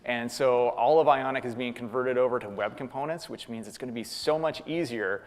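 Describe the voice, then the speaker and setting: A man's voice: mid-range voice, fairly quick. A man from Canada speaking at a tech conference, casually answering audience questions with frequent ums and uhs. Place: conference hall. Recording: long hall reverb.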